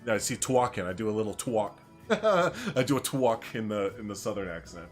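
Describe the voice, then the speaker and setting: A man's voice: lowish voice, sing-song, brisk, faint music behind. A man chatting casually on a live game stream, joking with viewers and laughing often.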